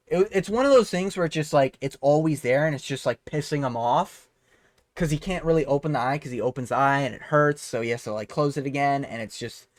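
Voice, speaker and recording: A man's voice: fairly high pitch, no room sound, studio quality. A man vlogging a casual fight breakdown, rambling, sarcastic and swearing freely. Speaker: MMA commentator vlogger.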